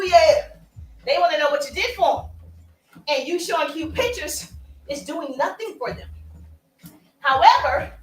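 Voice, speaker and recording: High-voiced lady coaching as she walks, playful and punchy, roomy sound from a ways off. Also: distant mic. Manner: animated, playful and emphatic, with asides and laughs. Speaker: social media marketing coach. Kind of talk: energetic coaching talk to camera.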